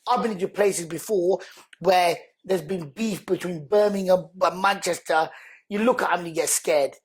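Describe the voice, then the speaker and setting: A man, a podcast guest telling personal stories in an animated way and acting out what other people said. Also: high voice, moderate pace, husky. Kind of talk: emotional storytelling in conversation.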